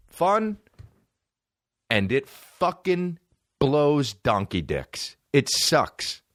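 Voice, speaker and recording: Guy on his podcast going off, swearing a lot, dry close sound, mid pitch. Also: a bit bright, dry recording. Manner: heated, swearing, emphatic repetition. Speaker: podcast host and comedian. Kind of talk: profane ranting monologue.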